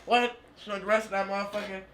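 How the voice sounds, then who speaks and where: A man in his twenties telling a story as a podcast guest, profane and animated, jumping into other people's voices. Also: quick pace, roomy sound, slight background noise. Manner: animated, profane, acts out quotes in a higher voice. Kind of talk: casual storytelling interview.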